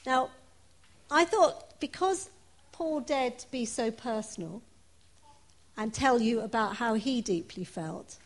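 Earnest woman preacher, slow and high. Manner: earnest, personal, with soft laughs. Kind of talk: sermon.

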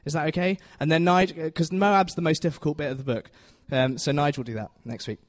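A man's voice: fairly high pitch, fairly even intonation, fairly quick. Chatty man teaching in church. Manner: chatty, self-deprecating, asks the audience questions. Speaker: preacher. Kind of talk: informal Bible teaching.

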